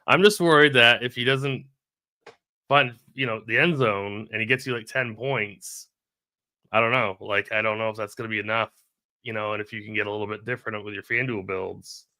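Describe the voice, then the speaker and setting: A man's voice: fairly low pitch, normal speed, pushed and bright, no echo. A man talking fantasy football picks in casual live-stream chat, hesitant and full of ums and restarts. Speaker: fantasy sports analyst.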